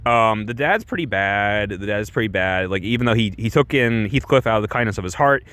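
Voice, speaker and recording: A man's voice: fairly low pitch, lively intonation, brisk, fairly bright tone. A man rambling casually through a movie review, restarting his sentences often and filling the gaps with "like" and "you know". He swears freely.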